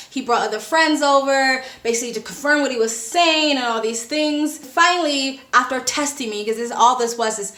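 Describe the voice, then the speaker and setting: An animated woman vlogger tells a travel story in a casual way and acts out each scene. Her voice is high and bright, and it bounces around an echoey room. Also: fairly quick, hardly any pauses.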